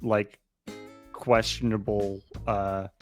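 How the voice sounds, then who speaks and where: A man's voice: lowish voice, little pitch movement, slow pace, faint music behind. A man co-hosting a casual stream, musing aloud in a hesitant way with frequent uhs. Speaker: stream co-host. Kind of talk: casual chat.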